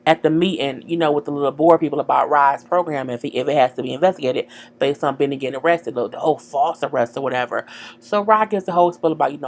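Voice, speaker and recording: A woman casually recapping a TV episode, slangy and animated, talking straight to her viewers. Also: sits low, fast talker. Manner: animated, slangy, acts out dialogue, chats to viewers. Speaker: TV show recapper.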